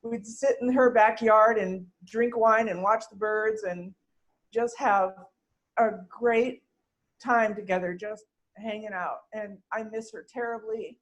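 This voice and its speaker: A woman giving an unprepared eulogy for her mother over a video call, emotional and holding back tears, soft and hesitant with trailing pauses. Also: medium pitch, steady tone, highs cut off. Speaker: daughter speaking at mother's online funeral.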